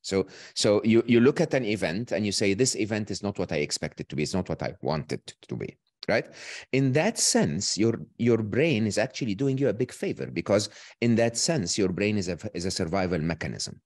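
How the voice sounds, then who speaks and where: A man speaking as a guest who explains ideas in an animated way and often checks in with "okay?" and "right?". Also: fairly low pitch, brisk, no room sound, studio quality. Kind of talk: explaining ideas in an online talk.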